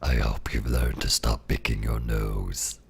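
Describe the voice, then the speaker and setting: A man voicing a gruff male pirate in a very deep, gravelly, growling voice. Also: little pitch movement, measured pace, noisy background, exaggerated voice. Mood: menacing.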